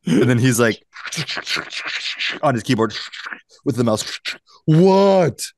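A man hosting a podcast, reading news items and telling stories in a casual, animated way with frequent laughter. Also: medium pitch, a little slow. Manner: animated storyteller, laughs often. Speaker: podcast host.

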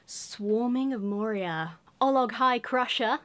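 A woman's voice: fairly high pitch, animated, a little slow, fairly bright tone. A woman hosting a casual card-opening video indoors. She gushes and giggles, and she reads the flavour text in a whisper. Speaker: video host opening trading cards. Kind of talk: casual chat, reading card text aloud.

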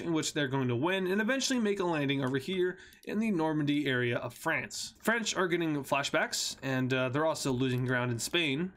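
A man's voice: a little high, fairly bright tone. A young man casually narrating a map scenario video, with joking asides and frequent fillers. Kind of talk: casual commentary over a map animation.

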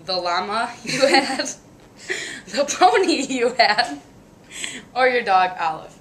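Young woman host, bright voice, jokey and quick with comebacks. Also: fairly high pitch, expressive, a little hiss or hum. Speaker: host of a college sports webcast. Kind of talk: playful host interview.

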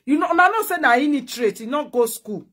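A woman's voice: sits high, animated, fast talker, a bit bright. A woman speaking Nigerian Pidgin, a talk show host in a heated casual chat, brash and scolding, repeating her points.

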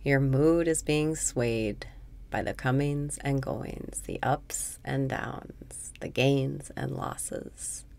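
Deep gravelly woman's voice, slow soothing meditation, bits of whisper. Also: steady tone, darkish tone. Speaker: meditation guide. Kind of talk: guided meditation.

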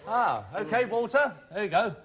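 A man's voice: sits high, animated, normal speed. A man hosting a TV game show, teasing contestants, laughing and echoing their words back to them. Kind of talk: playful studio banter. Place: TV studio with live audience. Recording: loud studio audience behind.

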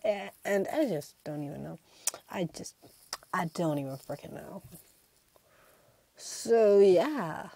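Chatty teenage girl with a mellow voice. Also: fairly low pitch, slow pace, creaky, pauses often, husky. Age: teens. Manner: chatty, rambling, quotes friends in animated voices. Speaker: vlogger. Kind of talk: casual rambling vlog.

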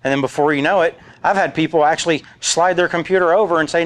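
A man's voice: a little high, fast. Joking man giving a conference talk. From rural area. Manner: casual, joking, quotes movie lines. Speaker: conference speaker. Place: conference room.

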